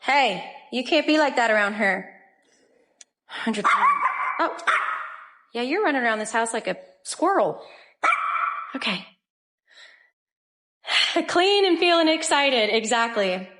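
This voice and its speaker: A woman's voice: on the high side, animated, unhurried, long pauses, fairly bright tone, a little hiss or hum. A young woman chatting casually on a live stream at home, gushing over her dogs. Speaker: livestream host. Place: home, indoors.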